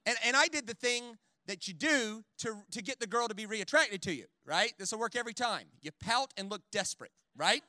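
A man preaching a sermon in a church in an animated, conversational way, full of jokes and quick "right?" asides. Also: sits high, no echo, studio quality. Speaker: guest preacher. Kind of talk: sermon with storytelling.

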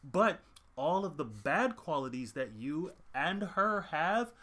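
A man in his thirties with a bright, forceful voice that sits a little high for a man. He co-hosts a casual chat, ranting crudely and punching his points with heavy emphasis. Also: sing-song, slow. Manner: crude, joking, emphatic rants. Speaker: podcast co-host.

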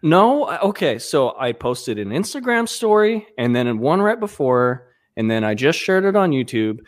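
A man's voice: medium pitch, big pitch swings, moderate pace. A man co-hosting a casual chat show, teasing and playful. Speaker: podcast co-host.

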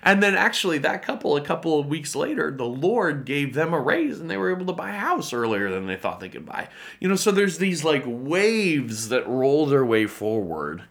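A pastor telling a story as a guest in an interview, animated and acting out the voices of people in his story, laughing often. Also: on the high side, normal speed, vocal fry.

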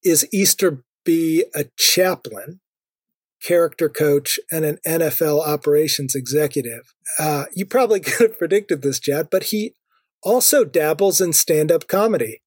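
A man with a slightly raised, husky voice hosts a chatty podcast, breaking into laughs as he talks. The sound is close and dry. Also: on the high side, animated, moderate pace, dry recording. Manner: laughs often, says "like" and "uh". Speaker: podcast co-host. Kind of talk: casual chat.

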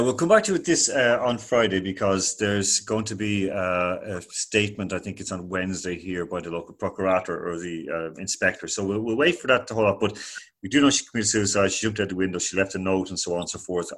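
A man's voice: lowish voice, fairly bright tone. A man hosting a sports discussion panel, talking with many fillers and restarts. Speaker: host.

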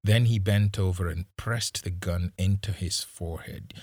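A man reading a story aloud with measured, dramatic narration and a husky voice. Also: sits low, steady tone, a little mellow, no room sound, studio quality. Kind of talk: audiobook narration.

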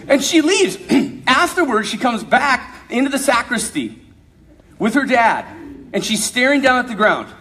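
Young priest guy, high voice, super animated, jokes around while preaching to young people. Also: normal speed, slight background noise. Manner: animated, jokey storyteller who acts out quotes. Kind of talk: storytelling talk to young people.

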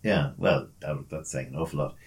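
With a rumbling low voice at a moderate pace, a man co-hosts a podcast full of casual, rambling banter over drinks. He jokes around and swears freely.

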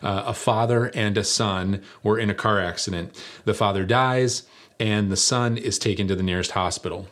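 A man's voice: lowish voice, normal speed, fairly bright tone. Conversational male preacher telling a story. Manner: storytelling, conversational, self-deprecating. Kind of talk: sermon.

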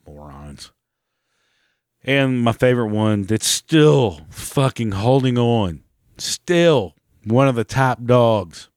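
A man's voice: medium pitch, lively intonation, takes it slowly, a little mellow, no echo, clean studio sound. A man, hosting a podcast in a sarcastic, profane, mocking rant. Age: 40s. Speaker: podcast host. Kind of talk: casual ranting monologue.

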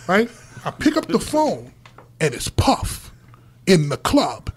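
High, husky-voiced man telling a wild story. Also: slow pace. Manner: lively, profane, acts out voices while telling the story. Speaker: former radio DJ telling a story. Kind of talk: animated storytelling in casual chat.

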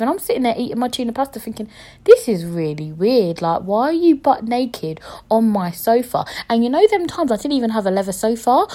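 A woman's voice: mid-range voice, darkish tone. A young woman, hosting a podcast and telling a story in casual chat, blunt, swearing freely and laughing as she goes. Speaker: podcast host.

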